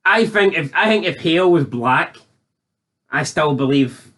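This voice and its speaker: A man's voice: on the high side, expressive, measured pace, fairly bright tone. A Scottish man reviewing a TV episode in casual chat, opinionated and arguing his point firmly. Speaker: TV show reviewer.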